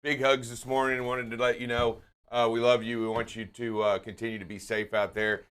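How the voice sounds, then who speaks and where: Emphatic, jokey man, mid pitch, trucking-show co-host. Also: little pitch movement, a little fast, smooth. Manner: warm-hearted, emphatic, jokey. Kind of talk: casual live-stream chat.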